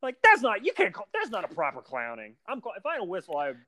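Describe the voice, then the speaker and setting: A man's voice: sits high, wildly swooping pitch, fast, crowd noise. A man co-hosting a podcast, chatting casually and acting out scenes in mock voices. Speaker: podcast co-host. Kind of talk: casual chat.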